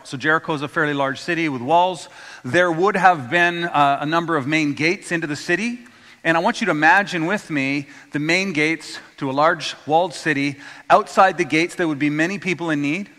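Pastor, male, storytelling sermon, bright and slightly high voice, long hall echo. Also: fairly quick. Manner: storytelling, acts out quoted voices, asks congregation to repeat words.

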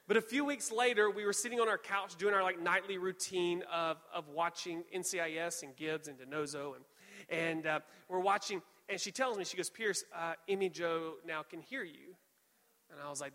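A young man preaching a sermon, telling a personal story with animated, self-deprecating humor. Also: high voice, moderate pace. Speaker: pastor. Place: church auditorium. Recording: church hall reverb.

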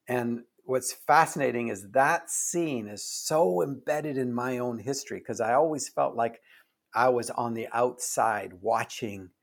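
An older man speaking as an author in an interview, telling stories earnestly and haltingly, often dropping his voice low and soft. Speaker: author guest. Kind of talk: reflective interview talk.

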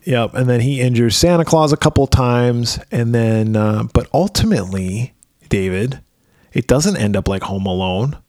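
A man's voice: mid-range voice, lively intonation, normal speed, darkish tone, no echo. A man co-hosting a podcast, recapping a film in a chatty way, laughing and swearing easily, on a close mic. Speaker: podcast co-host. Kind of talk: casual film chat.

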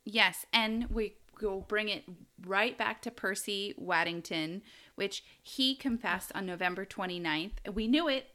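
An American woman with a bright, clear-edged voice co-hosts a relaxed true-crime podcast. She tells the story in a chatty way and breaks into laughter often. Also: medium pitch, measured pace. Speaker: podcast co-host.

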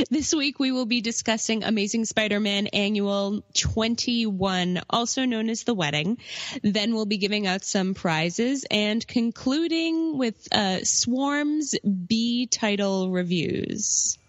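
A woman co-hosting a casual podcast chat, unhurried and dryly teasing. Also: a little high, dry recording. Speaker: guest co-host. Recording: dry, slightly muffled audio.

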